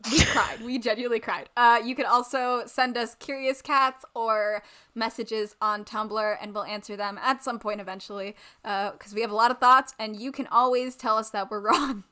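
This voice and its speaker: A woman's voice: on the high side, steady tone, moderate pace, pushed and bright. A woman co-hosting a podcast, chatting casually in a sarcastic, rambling way with lots of ums. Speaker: podcast co-host. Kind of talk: casual chat.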